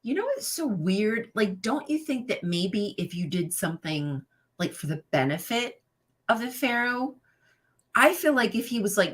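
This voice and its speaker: A woman's voice: mid-range voice, very animated, normal speed, husky. A woman hosting a live stream, reading a children's Bible storybook aloud and breaking off into sassy, profane asides to her chat. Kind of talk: casual reading with rant commentary to live chat.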